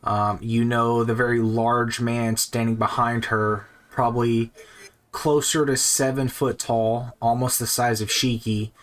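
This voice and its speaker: A man running a tabletop game as game master, narrating scenes in slow, descriptive, pausing speech. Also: medium pitch, little pitch movement. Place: home streaming setup.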